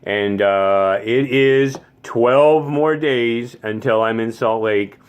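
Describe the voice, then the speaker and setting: A man's voice: medium pitch, slow pace, clean tone. A man in his fifties from the Phoenix area, talking in a rambling casual monologue with many stammered restarts. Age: 50s. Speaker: vlogger.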